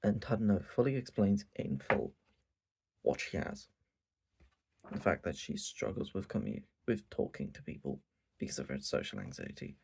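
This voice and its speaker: A man's voice: deep voice, moderate pace, vocal fry, slightly rough. A man ranting casually and profanely about a show late at night. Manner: animated, profane, repetitive ranting. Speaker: anime reviewer.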